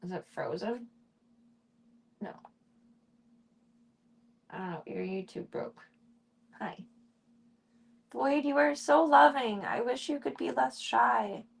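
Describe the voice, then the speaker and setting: A woman streaming casually from home, chatting with viewers and talking softly to her cats. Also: a little high, lively intonation, takes it slowly, creaky, pauses often, breathy edge. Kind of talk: casual live-stream chat.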